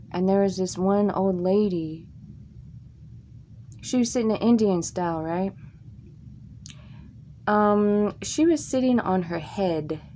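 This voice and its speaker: A woman from Tennessee telling crude, funny stories from her life in a casual, drawn-out way. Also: dark tone, a little hiss or hum. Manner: slow, drawn-out delivery with crude jokes and squeaky put-on quotes. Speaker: comic storyteller. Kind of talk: casual comic storytelling.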